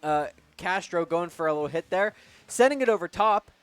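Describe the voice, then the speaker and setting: A young man with a slightly high, smooth voice co-casts a college esports match. He calls plays and cheers for his team in a casual, partisan way, and he sounds dry and close on a headset mic. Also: animated, normal speed, no echo. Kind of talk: play-by-play and color commentary.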